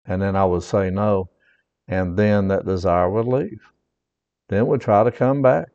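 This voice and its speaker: Earnest low-voiced male pastor. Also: measured pace, darkish tone, in a large hall, dull audio. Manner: earnest, repeats himself, reads scripture aloud. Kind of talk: personal testimony sermon.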